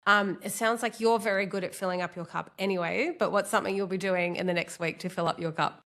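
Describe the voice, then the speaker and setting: A woman's voice: medium pitch, fairly even intonation, quick pace. A woman hosting a podcast interview, sounding nasal from a cold, chatting casually and thanking her guest. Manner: chatty, warm thanks, laughs easily. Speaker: podcast host.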